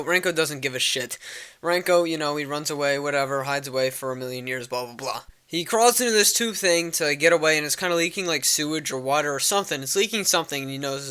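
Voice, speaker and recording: Bright, clear-voiced young man rambling. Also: on the high side. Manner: rambling, filler-heavy and profane. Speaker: vlogger. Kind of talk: casual movie plot recap.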